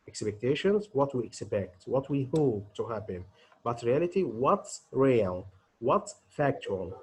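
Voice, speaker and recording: A middle-aged man teaches English grammar with a husky, slightly breathy voice. He poses questions to his students and then answers them himself, walking patiently through each rule. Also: medium pitch, darkish tone, rough recording. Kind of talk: grammar lesson.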